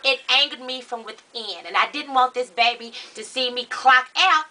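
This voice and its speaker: A woman telling a comic story in a sassy, animated way, dropping into low asides. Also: normal speed. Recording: voice from far off the mic.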